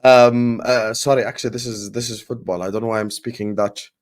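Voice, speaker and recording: Energetic male football show host. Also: mid-range voice, a little fast. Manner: energetic, chatty, repeats phrases. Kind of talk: casual football talk stream.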